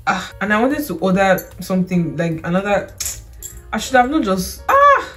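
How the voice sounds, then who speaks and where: Lively British teen girl vlogging. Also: medium pitch, moderate pace, soft background music. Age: late teens. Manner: animated, laughs at herself, exclaims often. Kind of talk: casual haul chat to camera.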